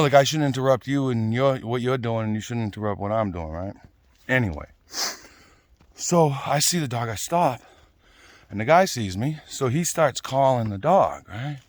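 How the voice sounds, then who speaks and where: A man's voice: fairly low pitch, no room sound, clean studio sound. A man ranting casually, blunt and swearing, often tagging "right?" and "you know?". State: out of breath at times. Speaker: vlogger.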